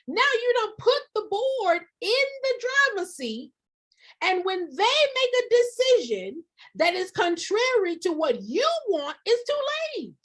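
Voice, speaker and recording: A woman with a very high voice coaches nonprofit leaders in fiery, preachy bursts. Her pitch swings widely as she repeats lines for emphasis and slips into shouting. She talks straight to her viewers like a live-stream mentor. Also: sing-song, unhurried. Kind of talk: passionate live-stream advice talk.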